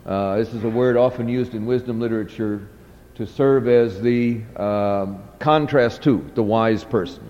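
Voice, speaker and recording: A man teaching a class, reading a text aloud and explaining it slowly, with many fillers and restarts. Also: lowish voice, darkish tone. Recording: dull audio with long hall reverb.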